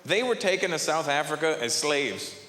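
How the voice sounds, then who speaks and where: A man performing a stand-up comedy set, animated and jumping between characters' voices. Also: fairly high pitch, moderate pace, very noisy. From Canada. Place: large theater on stage. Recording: live hall reverb with audience.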